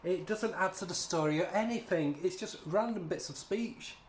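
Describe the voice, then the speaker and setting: A man reviewing a comic in a sarcastic, exasperated rant. His voice sits a little higher than most men's. He is recorded in an echoey room with a faint hum behind him. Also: moderate pace. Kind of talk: casual spoken review.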